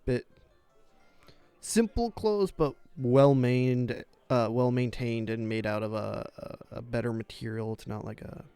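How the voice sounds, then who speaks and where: A man narrating a tabletop game as game master, pausing often with fillers. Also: mid-range voice, warm tone, clear, resonant tone, no room sound, soft background music. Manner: hesitant, many fillers.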